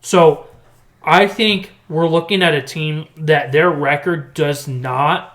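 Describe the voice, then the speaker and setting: Man, podcast co-host, bright tone, slightly high voice, emphatic sports chat. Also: slow. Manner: excited, emphatic picks talk.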